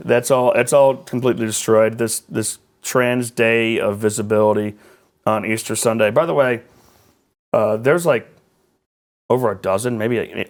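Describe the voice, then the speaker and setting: A man, a political journalist talking as a guest in a conversational interview, animated and rambling with sarcastic asides. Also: fairly low pitch.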